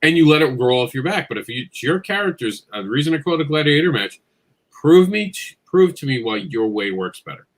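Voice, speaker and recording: A man's voice: fairly high pitch, fairly quick. A man who writes comics, talking bluntly and jokingly in a casual panel chat. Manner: blunt, animated, jokey storytelling.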